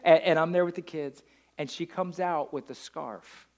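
A man preaching a sermon as a pastor, swinging from loud declarations down to hushed storytelling. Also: on the high side, moderate pace.

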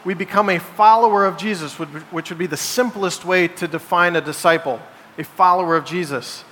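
A pastor with a high, bright, pushed voice preaches a little fast, emphatically putting rhetorical questions to his congregation. The sermon, recorded in a church sanctuary, carries long hall reverb and faint background noise.

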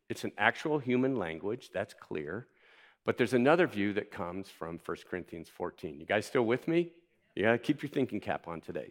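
A man preaching a sermon in a conversational, playful way, putting questions to the congregation. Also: on the low side. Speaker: pastor.

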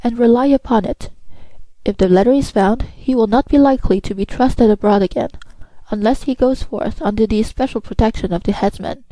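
A woman's voice: fairly high pitch, a little fast, mellow, no echo, lightly acted, poor audio. A woman reading as a stern young prosecutor. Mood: measured.

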